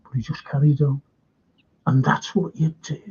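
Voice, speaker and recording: A rambling, chatty man hosts a casual fan show, reading out viewer comments as he goes. His voice sits a little high and comes across husky. The sound is thin and tinny, like a phone line. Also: level tone, moderate pace, a little mellow. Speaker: host.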